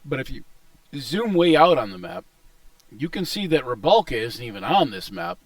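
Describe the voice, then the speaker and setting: A man's voice: mid-range voice, sing-song, moderate pace, no echo, recorded from a distance. A man running a tabletop game as game master, rambling and hesitant. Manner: rambling, hesitant, unsure asides.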